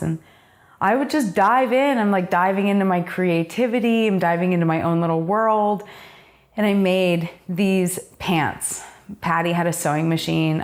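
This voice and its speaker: Gravelly low-voiced woman telling her story. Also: a little mellow. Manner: candid, emotional storytelling, acts out quoted voices; casual with frequent fillers and swearing. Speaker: interviewee. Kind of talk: personal life story interview.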